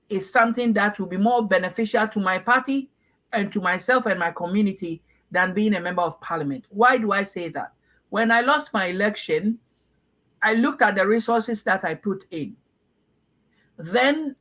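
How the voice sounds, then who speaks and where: A middle-aged Ghanaian man from Ghana, giving earnest, measured interview answers with frequent restarts. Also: high-pitched, sharp tone, rough recording. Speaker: party aspirant guest.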